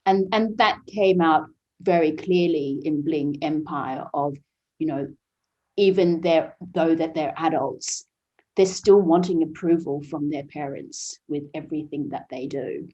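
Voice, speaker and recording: Podcast guest: woman, low warm voice, earnest and reflective, self-correcting often. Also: a little slow, lo-fi sound. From Vietnamese family raised overseas. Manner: earnest, frequent "you know" and restarts. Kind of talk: podcast interview.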